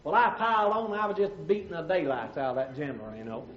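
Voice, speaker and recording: A man's voice: fairly high pitch, fast talker. A man with an Alabama accent, a pastor telling folksy comic stories with drawling asides. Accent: Southern US, Alabama. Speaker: pastor and comedian. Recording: roomy, dull old comedy record.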